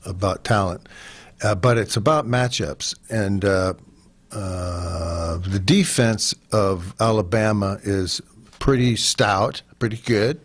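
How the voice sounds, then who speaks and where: A man's voice: fairly low pitch, slow, no room sound. A man co-hosting a sports talk radio show, a former football player speaking bluntly and jokingly, often repeating himself.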